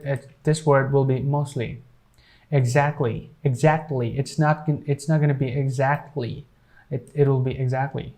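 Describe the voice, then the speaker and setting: A man gives a pronunciation lesson, his pitch sitting squarely in the middle range. He explains in short, halting phrases, pausing to restart. He says each example word over and over so the learner can hear it. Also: a little mellow. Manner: repeats each example word several times. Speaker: English pronunciation teacher.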